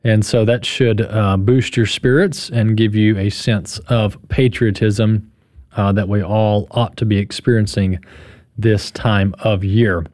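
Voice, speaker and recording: A man's voice: on the low side, fairly even intonation, unhurried, darkish tone, dry recording. Emphatic male radio host, dry studio sound. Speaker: radio talk show host. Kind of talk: radio commentary.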